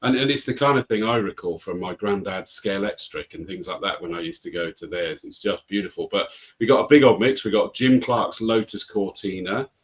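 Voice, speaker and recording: A man's voice: sits low, fairly quick, few pauses, husky, lo-fi sound. A man hosting a motorsport chat show, talking about cars in a casual, enthusiastic way. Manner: enthusiastic, chatty. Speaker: host and motorsport commentator.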